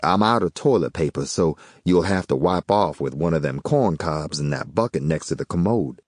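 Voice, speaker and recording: A man's voice: very deep voice, lively intonation, normal speed, darkish tone, dry recording, studio quality. A man doing a folksy hustler. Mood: coaxing. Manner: folksy, drawling, easygoing. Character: smooth-talking Southern man, a cocky small-time hustler. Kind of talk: audiobook character voice.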